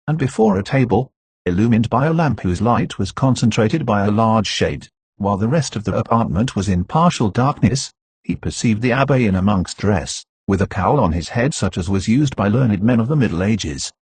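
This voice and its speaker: Husky-voiced male audiobook narrator. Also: fairly low pitch, expressive, normal speed, a little mellow, no echo.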